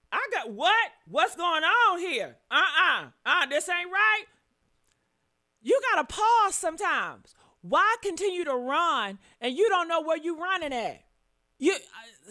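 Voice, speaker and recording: Woman stream host, high bright voice, loud and profane, exclaiming. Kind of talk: heated live-stream commentary.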